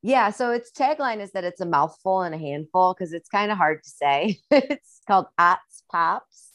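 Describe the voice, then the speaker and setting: Woman, Midwestern accent, young adult, low-pitched, chatty podcast guest, dry sound. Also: lively intonation, moderate pace, a bit bright, no echo. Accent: Midwestern American. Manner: chatty, rambling, upbeat. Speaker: musician and guest. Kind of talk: casual podcast chat.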